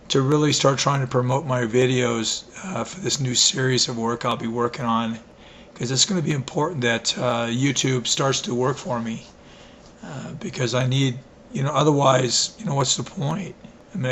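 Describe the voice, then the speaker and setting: A man with a hoarse voice rambling through a casual video diary, full of fillers, restarts and self-deprecating asides. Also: mid-range voice, fairly bright tone. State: hoarse, coughing. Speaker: vlogger. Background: wind blowing outside.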